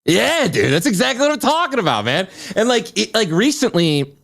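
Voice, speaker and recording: Male podcast host, rapid-fire delivery, excitable and slangy, dry close mic. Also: high voice, gravelly, no echo. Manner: excitable, slangy, swears a lot. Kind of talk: casual chat.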